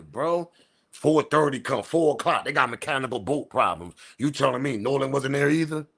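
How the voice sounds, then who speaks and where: A man's voice: medium pitch, animated, normal speed, gravelly, fairly bright tone, husky. A man hosting a live-stream commentary show, talking in incredulous, argumentative street slang. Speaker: commentary channel host.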